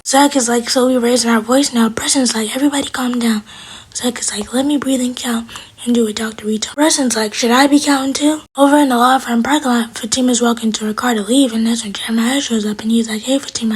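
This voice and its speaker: Breathy woman recapping a TV episode. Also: on the high side. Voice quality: breathy, half-whispered delivery. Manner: retells scenes through paraphrased quotes. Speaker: TV recap vlogger.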